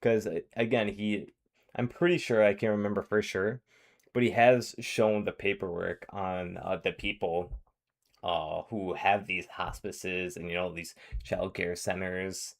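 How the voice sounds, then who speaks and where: A man with a fairly low voice reacts to a clip in loose, casual commentary. He rambles, trailing off and restarting his sentences with plenty of fillers. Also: fairly even intonation, unhurried.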